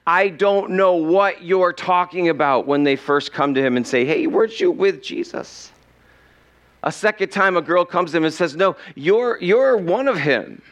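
A man as pastor, preaching a sermon in a slow, earnest storytelling way with dramatic pauses. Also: high voice, fairly bright tone.

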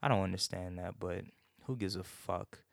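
Low-voiced man ranting, dry sound. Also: normal speed, gravelly, no echo. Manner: rambling, heavy swearing, many restarts. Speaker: host. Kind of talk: casual profane rant.

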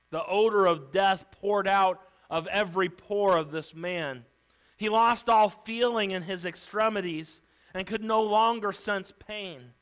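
A man's voice: high-pitched, a bit bright. A man preaching a sermon, retelling a story vividly and theatrically.

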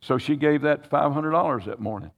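A man's voice: on the high side, fairly quick, gravelly, muffled recording. Man preaching in an echoing hall. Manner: earnest, stammering restarts, rising to emotional pleading. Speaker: pastor. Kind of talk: sermon testimony.

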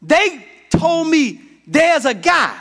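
A middle-aged man from Georgia preaching a sermon as pastor, building to shouts and calling out to the congregation. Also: very high voice, sing-song, slow pace. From Georgia, United States.

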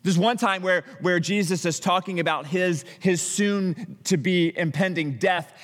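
Pastor preaching a story-driven sermon, fairly high voice, echoing church room. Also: male voice, unhurried. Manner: animated storytelling with frequent restarts and acted-out quotes.

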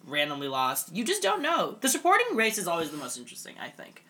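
Young male podcast co-host, self-mocking, very lively pitch. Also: fast. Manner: animated, self-mocking, chatty with many fillers. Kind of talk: casual chat.

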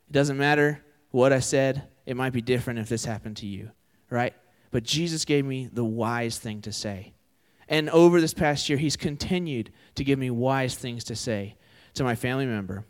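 A man's voice: medium pitch, normal speed. Young man preaching in a reverberant hall. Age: 20s. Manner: conversational, asks the audience questions. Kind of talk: sermon.

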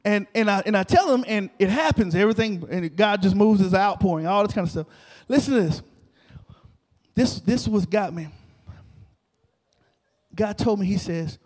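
High-pitched preacher guy telling a story, lots of repeats, calling out to the crowd, big hall reverb. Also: normal speed, long pauses. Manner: animated, repetitive, talks to the crowd. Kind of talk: sermon storytelling. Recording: long reverb of a large hall.

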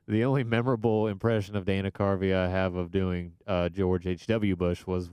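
Male co-host with a low, smooth voice, dry and wry, hesitant, close dry mic. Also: level tone, moderate pace, a little mellow, no room sound. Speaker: podcast co-host. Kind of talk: casual chat. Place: remote, outside the studio. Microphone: close to his own microphone.

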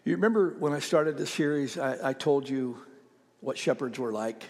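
A man preaching a sermon as pastor, telling a story conversationally with frequent fillers and pauses. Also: medium pitch, long reverb tail.

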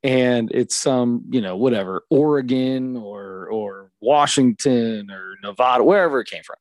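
A man in his thirties tells a story in relaxed conversation, and his pitch sits in the middle for a man. He acts out each person he quotes with a lively voice. The sound is dry and close, with no room echo. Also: measured pace. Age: 30s. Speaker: podcast co-host. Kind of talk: casual storytelling chat.

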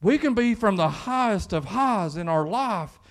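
A man's voice: high-pitched, lively intonation, measured pace. A man with a Kentucky accent, preaching a sermon in church in a conversational style that rises into fervent emphasis. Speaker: pastor.

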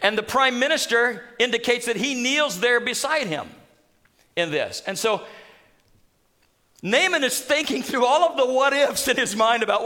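A man delivers a sermon in a high, bright voice. He tells the scripture story with animated humor and an easy, engaging style. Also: moderate pace. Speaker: pastor.

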